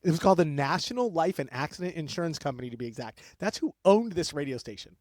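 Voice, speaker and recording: A young man co-hosting a podcast, telling a history story in an excitable, rambling way that keeps breaking off and jumping between tangents. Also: a little high, fast talker, no room sound, clean studio sound. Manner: excitable, rambling, self-interrupting. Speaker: podcast co-host. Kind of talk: casual storytelling chat.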